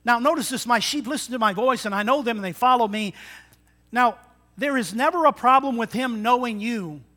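Man in his sixties preaching with a high, bright voice. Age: 60s. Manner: lively preaching, swinging between loud emphatic lines and quiet asides. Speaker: pastor. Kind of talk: sermon.

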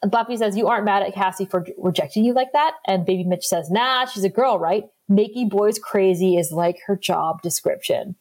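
A woman's voice: mid-range voice, moderate pace, hardly any pauses, a little mellow. Chatty woman podcast co-host. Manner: laughs often, retells scenes with quoted lines. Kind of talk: casual recap chat.

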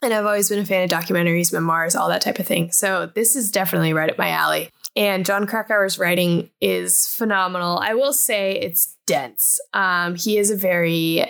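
A woman's voice: fairly low pitch, steady tone, normal speed, creaky, few pauses, fairly bright tone. A woman hosting a casual book club podcast, chatty and laughing often, with lots of "like" in her talk. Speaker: podcast host.

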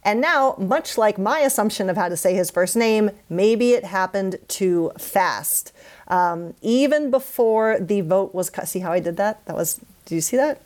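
Woman, podcast co-host, casual chat, punning, self-mocking, mid pitch. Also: a little slow, a little mellow. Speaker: podcast co-host leading the news segment.

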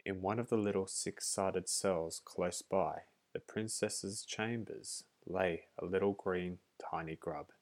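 Slow deep-voiced male storyteller. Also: fairly even intonation, darkish tone. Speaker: narrator. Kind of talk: storybook reading.

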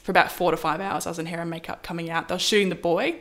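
A woman in casual storytelling, lively, acting out quoted lines with big pitch jumps. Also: rapid-fire. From Australia. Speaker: model, interview guest.

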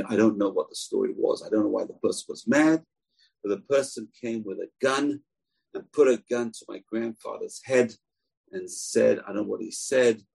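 A man giving a sermon, earnest and emphatic, slowing down to stress key lines. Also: lowish voice, creaky, a little mellow, husky. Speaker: rabbi.

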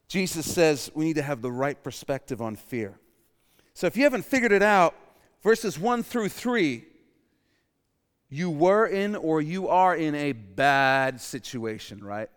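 A man's voice: on the high side, animated, moderate pace, smooth. Dynamic male preacher in a reverberant hall. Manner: dynamic, swings from loud emphatic to hushed; calls for audience response. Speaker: pastor. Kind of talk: sermon.

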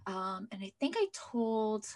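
A young woman telling her personal story as an interview guest, in a chatty way full of "like" fillers, sometimes dropping to a soft near-whisper. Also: mid-range voice, expressive, unhurried.

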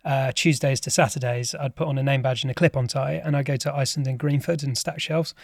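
A man's voice: mid-range voice, steady tone, quick pace, vocal fry, no room sound. Chatty self-deprecating man, dry studio sound. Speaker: podcast guest, company chairman. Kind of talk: casual interview chat.

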